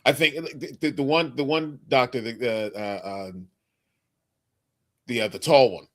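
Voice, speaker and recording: A co-host in casual chat, rambling and halting, with many fillers and restarts. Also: mid-range voice. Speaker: podcast co-host.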